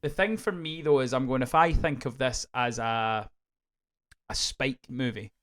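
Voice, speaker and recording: A Scottish man co-hosting a podcast, reviewing a film in casual, animated chat full of swearing and restarts. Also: medium pitch, a little slow. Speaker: podcast co-host.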